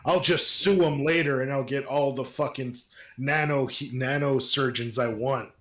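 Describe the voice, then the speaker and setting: A man's voice: medium pitch, fairly even intonation, moderate pace, fairly bright tone, reverberant. A man playing a tabletop game, talking casually with lots of swearing and rambling fillers. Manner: profane, rambling with many fillers.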